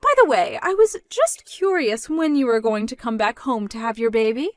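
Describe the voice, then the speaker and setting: Woman doing a domineering, mocking middle-aged mother; high, dry, close-miked story read. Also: expressive, normal speed, no room sound, close to an everyday voice. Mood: pushy. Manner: mocking, loud, rising in pitch when scolding. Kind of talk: dramatized story narration.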